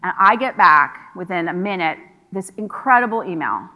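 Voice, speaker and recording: A woman's voice: lowish voice, animated, normal speed, hardly any pauses, sharp tone. A woman giving a conference keynote, telling a story conversationally and acting out the people she quotes. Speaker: keynote speaker. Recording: hall reverb from a large venue.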